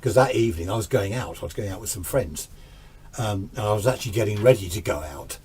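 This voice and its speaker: A man's voice: lowish voice, expressive, fast, a little mellow, slight background noise. Rambling male storyteller. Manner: rambling, repeats and restarts often. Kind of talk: casual spoken storytelling.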